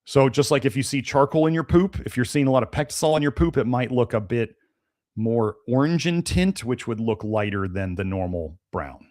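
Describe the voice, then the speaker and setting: A man of average pitch hosts a live-stream Q&A, reading chat questions aloud and answering them off the cuff. He rambles casually, with many fillers and restarts, and sounds a little stuffed up. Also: normal speed, a little mellow. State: slightly congested, sneezy. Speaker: host of a health podcast.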